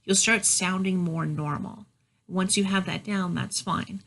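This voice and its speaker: A woman's voice: fairly low pitch, fairly even intonation, measured pace, creaky, fairly bright tone, poor audio. Woman coaching voice placement by phone. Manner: instructive, demonstrates voice placements as she talks. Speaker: voice training guide. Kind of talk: spoken tutorial recorded on a phone.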